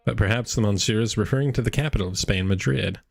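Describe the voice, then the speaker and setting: A man's voice: lowish voice, fast talker, vocal fry. A man voicing a bossy male bird lawyer, over game music.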